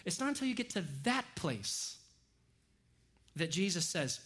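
Animated preacher, a man, higher voice. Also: measured pace, pauses often, breathy edge. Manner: animated, acts out disciples' voices with sarcasm. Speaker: pastor. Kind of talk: sermon.

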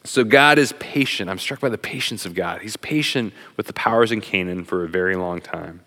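A middle-aged man preaching a sermon as a pastor, talking in an animated, conversational way with plenty of fillers. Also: on the low side, a little fast. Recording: long hall reverb.

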